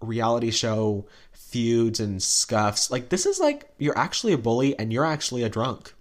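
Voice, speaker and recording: Man, podcast co-host, casual gossip chat, animated storytelling, acted quotes, middle pitch. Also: normal speed. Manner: animated storytelling, acts out quotes, many "like" fillers.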